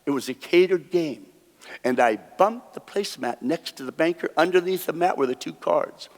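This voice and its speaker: A man with a fairly high voice spins folksy tales while working cards live on a theater stage. He chuckles at his own punchlines, and his words ring out with the long reverb of a big hall. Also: moderate pace. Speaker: stage card magician. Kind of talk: live stage storytelling with card tricks. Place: theater stage before an audience.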